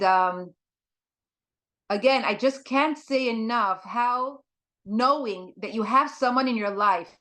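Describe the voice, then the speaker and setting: A woman's voice: a little high, pushed and bright. Earnest woman telling a hard story. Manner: earnest, halting storytelling with many fillers. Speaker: guest speaker. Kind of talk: personal testimony talk.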